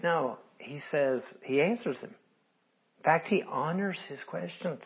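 Male pastor, husky, conversational sermon with scripture readings, lo-fi sound. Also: a little high, measured pace. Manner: earnest, conversational preaching with scripture read aloud.

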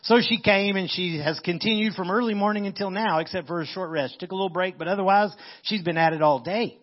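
Man preaching, higher voice, conversational, paraphrasing verses, dull lo-fi recording. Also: fairly quick. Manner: conversational, paraphrases verses in casual modern speech. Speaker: pastor. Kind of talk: sermon reading scripture with commentary.

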